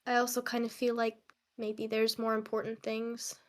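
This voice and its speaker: A woman's voice: a little high, monotone, normal speed. A woman playing a tabletop game, talking in character in a hesitant, thoughtful way. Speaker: player. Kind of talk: tabletop role-play in character.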